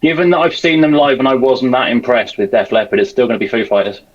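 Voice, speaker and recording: A man on a review panel answers in a dry, wry way, talking quickly. His voice is husky and breathy. The call audio sounds dull and lo-fi. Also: medium pitch, steady tone. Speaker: panel guest. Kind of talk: casual panel chat.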